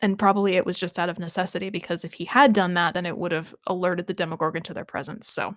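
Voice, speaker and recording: A woman's voice: on the low side, level tone, quick pace, no room sound. Chatty woman podcaster, dry close sound. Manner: chatty, thinking aloud with frequent restarts and laughs. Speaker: podcast co-host. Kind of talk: casual rewatch podcast chat.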